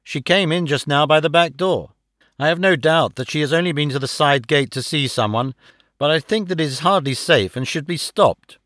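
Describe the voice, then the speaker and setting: A man reading the lines of an anxious young woman in an audiobook, in a gentle, concerned way. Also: on the high side, moderate pace, no room sound, studio quality, close to an everyday voice.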